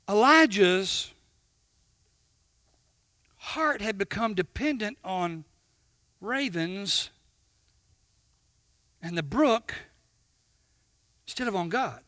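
A man preaching a sermon, swinging from shouts to hushed tones and acting out little dialogues with God. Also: high-pitched, expressive, drawn-out words, pauses often, no echo, clean studio sound. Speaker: pastor.

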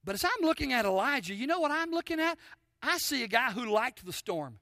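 A man preaching a sermon with a high, sharp, bright tone. He throws questions at the congregation and drops from forceful emphasis to near-whispers. The sound is close and dry. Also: very animated, a little fast, no room sound. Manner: addresses congregation with call-and-response questions; swings between loud emphasis and soft near-whispers. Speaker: pastor. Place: church sanctuary.

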